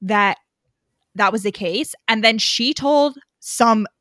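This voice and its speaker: A woman's voice: on the high side, slow pace, a bit bright, dry recording, studio quality. A woman co-hosting a podcast in casual chat, opinionated and swearing freely, going on tangents packed with "like". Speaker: podcast co-host. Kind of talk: casual book recap chat.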